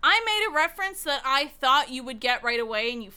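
A woman's voice: sits high, big pitch swings, a little fast, bright, forceful tone, clear, resonant tone. A young woman co-hosting a casual podcast, playful and emphatic, swearing and laughing as she tells stories. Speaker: podcast co-host. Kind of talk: casual chat.

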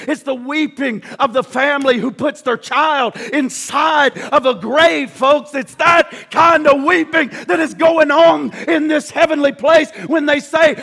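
Middle-aged male preacher, high bright voice, big swings from shouts to hushed lows, church hall echo. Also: a little slow, hardly any pauses, breathy edge. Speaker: pastor. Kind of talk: sermon. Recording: long hall reverb.

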